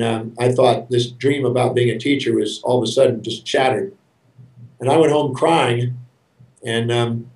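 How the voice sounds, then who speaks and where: An earnest man from the United States tells his story as an interview guest, often stumbling over his first words. His voice sits at an ordinary pitch. It sounds roomy and a little far from the mic. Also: darkish tone. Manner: earnest, repeats words when starting sentences.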